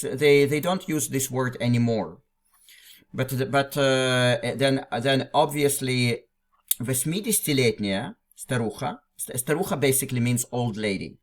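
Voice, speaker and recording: A male teacher talks through a classic text phrase by phrase at a middling pitch. His delivery is patient and unhurried. He circles back, repeats words and restarts sentences as he explains. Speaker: language teacher. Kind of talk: explaining a literary text line by line.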